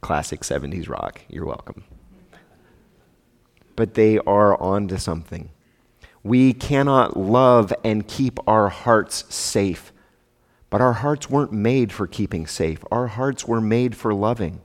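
A man preaching as pastor addresses the congregation conversationally, punctuating his words with rhetorical asides. Fairly low in pitch, he is animated yet takes things slowly, and the sound carries a large hall's long reverb.

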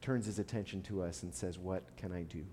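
A U.S. pastor with a low voice and fairly even intonation preaches a little fast in a church sanctuary, telling a personal story conversationally with some restarts and soft laughs. The echoey hall carries faint ambience and slight background noise.

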